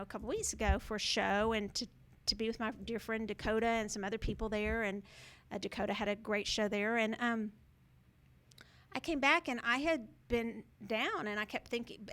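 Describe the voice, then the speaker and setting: A woman's voice: a little high, fairly bright tone. A woman hosting a show, telling a personal story to viewers in a rambling, earnest way with many fillers and restarts. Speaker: show host.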